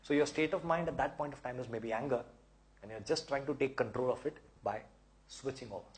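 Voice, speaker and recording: A man's voice: mid-range voice, a little fast. A man hosting a question-and-answer talk, giving encouraging advice at length and often repeating words as he explains. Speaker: host answering viewer questions.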